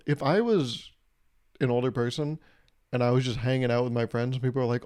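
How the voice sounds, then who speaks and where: A young man hosting a solo comedic podcast, rambling and irreverent, swearing freely and breaking into loud mock voices when he quotes people. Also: mid-range voice, quick pace. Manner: profane. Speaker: podcast host.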